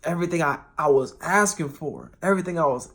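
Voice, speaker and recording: A man in a casual, rambling monologue, talking straight to his viewers, swearing freely and restarting often, with sudden jumps in loudness. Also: a little high, quick pace. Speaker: vlogger.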